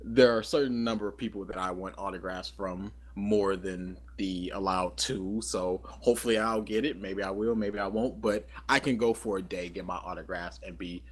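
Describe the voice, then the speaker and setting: A man's voice: deep voice, steady tone, moderate pace, few pauses, slightly rough. A man co-hosting a podcast, chatting casually and telling a rambling story full of fillers and self-corrections. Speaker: podcast co-host.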